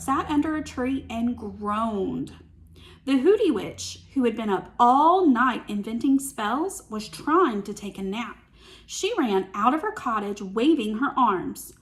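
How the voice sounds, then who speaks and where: Slow, expressive woman reading a storybook. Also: on the high side. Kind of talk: reading a picture book aloud.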